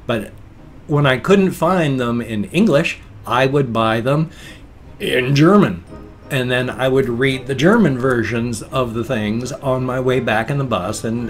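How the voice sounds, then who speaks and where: A man in his fifties talking in a casual, rambling vlog, chatty and often breaking off mid-thought. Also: mid-range voice. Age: 50s. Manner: chatty, self-interrupting, musing. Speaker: vlogger.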